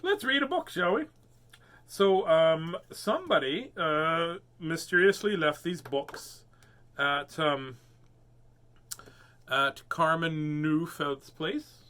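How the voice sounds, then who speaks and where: A playful man hosting a casual online storytime and reading a picture book aloud. His voice sits a little high and swings widely, bright and bouncy. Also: lively intonation, takes it slowly. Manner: playful, jokey. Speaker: storybook reader host.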